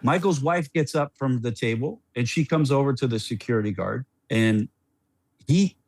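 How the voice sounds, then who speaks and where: A middle-aged man, a former player as podcast guest, telling a story in a rambling, animated way with many restarts. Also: medium pitch, normal speed.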